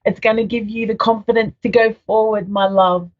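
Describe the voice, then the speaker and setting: A woman's voice: medium pitch, steady tone, normal speed, narrow, tinny audio. A woman psychic medium giving a live radio reading in a soothing, affectionate way, often calling the caller sweetheart.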